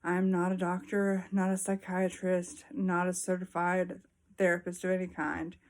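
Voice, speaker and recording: A young woman talking frankly to her viewers in a casual vlog, with frequent pauses and ums. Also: fairly low pitch, completely flat delivery, darkish tone. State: a little out of breath. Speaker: vlogger. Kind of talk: casual personal talk to camera.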